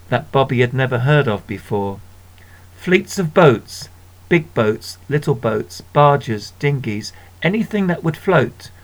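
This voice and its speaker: Slow, gentle male storyteller. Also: medium pitch. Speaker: narrator. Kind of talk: storybook reading.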